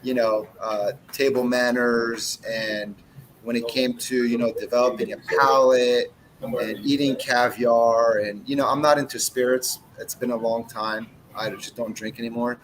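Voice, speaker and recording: A man in his forties talking in a loose, blunt, profane way, slipping into quick voices as he acts out his back-and-forth with customers. His voice sits at an ordinary middle pitch, and a faint low rumble hums under it on what sounds like a video call. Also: steady tone, poor audio. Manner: blunt, swears freely, acts out dialogue with customers. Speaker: cigar brand owner, podcast guest. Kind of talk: casual chat.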